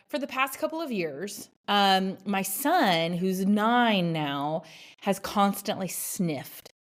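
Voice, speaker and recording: Frank, chatty woman podcast host. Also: medium pitch. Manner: frank, chatty storytelling with many "like" fillers. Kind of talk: candid solo podcast monologue.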